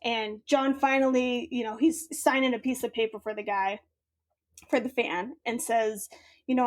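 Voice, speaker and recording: A woman's voice: fairly high pitch, normal speed. A woman chatting on a podcast, telling a story with lots of laughter. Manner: laughs often, animated retelling. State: a little tired after a workout. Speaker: podcast guest. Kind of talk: casual chat, storytelling.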